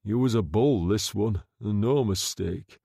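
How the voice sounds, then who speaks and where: A man voicing a smooth-talking gangster undertaker who speaks low, soft and quietly threatening, in an audiobook reading. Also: a little slow, no room sound, studio quality, heavily acted. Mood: menacing.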